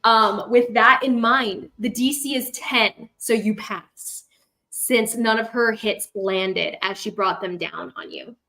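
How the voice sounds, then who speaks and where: High-voiced woman running a tabletop game. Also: slow, pushed and bright, rough recording. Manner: rambling, self-correcting, with sound effects. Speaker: game master.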